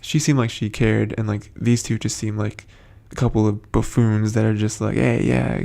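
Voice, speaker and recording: A man's voice: fairly low pitch, level tone, moderate pace, creaky, mellow. A man giving a casual, rambling recap of a TV episode, full of fillers and restarts, with the odd chuckle. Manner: chuckles between points. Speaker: show commentator.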